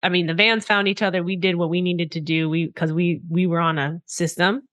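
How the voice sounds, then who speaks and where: A woman's voice: lowish voice, fairly even intonation, brisk, fairly bright tone, lo-fi sound. A young adult woman co-hosting a podcast, telling a story in a casual chat, acting out quotes and swearing freely. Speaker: podcast co-host.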